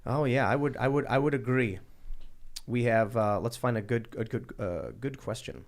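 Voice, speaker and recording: A man's voice: medium pitch, moderate pace. A man hosting a casual talk show, reading viewer comments aloud with hesitant fillers. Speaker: show host.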